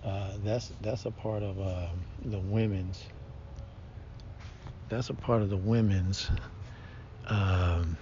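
A man's voice: steady tone, slow pace, pauses often, dark tone. A man talking casually in a rambling, slangy way, full of fillers and restarts. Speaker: podcast host. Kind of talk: casual monologue. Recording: dull lo-fi sound with faint rumble.

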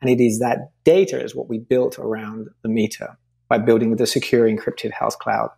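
A man's voice: mid-range voice, fairly even intonation, normal speed, gravelly, dark tone. A man speaking as a podcast guest in an interview, earnestly making his case with figures and examples. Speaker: podcast guest, company founder. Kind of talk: interview conversation.

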